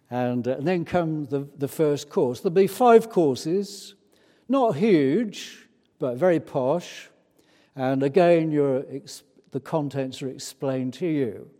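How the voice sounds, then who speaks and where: A British man preaches slowly, his voice mellow and dark. He talks in an easygoing, chatty way, pausing often on hesitant fillers. The hall gives his words a long, echoing reverb. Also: fairly high pitch. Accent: British English. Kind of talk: sermon.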